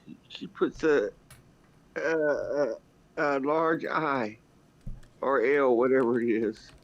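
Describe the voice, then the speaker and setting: A woman's voice: rumbling low, slow pace. Woman, casual talker, blunt and profane, recorded on a muffled lo-fi mic. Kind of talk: casual chat. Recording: dull lo-fi recording.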